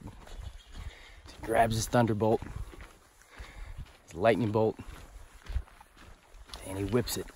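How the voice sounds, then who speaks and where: A man on a long-distance hike telling a story casually, animated and profane, laughing as he goes. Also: fairly low pitch, a little slow, pauses often, slight background noise. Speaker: thru-hiker vlogger. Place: outdoors on a mountain trail.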